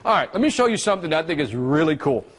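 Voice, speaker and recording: A man running a live seminar, pitched a little higher than most men. He talks in an animated, playful way, firing questions at the room and teasing people until they answer back. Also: rapid-fire. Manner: animated, teasing, call-and-response with the audience. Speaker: seminar speaker on marketing. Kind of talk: live seminar talk to an audience.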